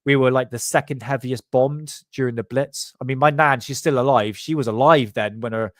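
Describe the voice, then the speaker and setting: A man from England with a Bristol accent, hosting a casual chat, slangy and quick to laugh. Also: medium pitch, dry recording, clean studio sound. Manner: chatty, slangy, laughs often. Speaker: podcast host.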